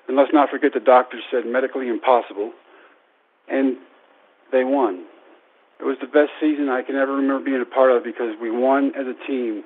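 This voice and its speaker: A baseball coach and public speaker in his thirties tells an audience a lively personal story, animatedly acting out the voices in it. He speaks in a mid-range voice, a little fast, over a tinny, phone-like radio broadcast.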